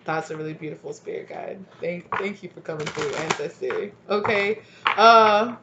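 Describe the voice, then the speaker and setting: A woman's voice: on the low side, moderate pace, dull audio, noisy background. A woman giving a casual tarot reading to her viewers, rambling and chatty, laughing often and calling them y'all. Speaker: tarot reader.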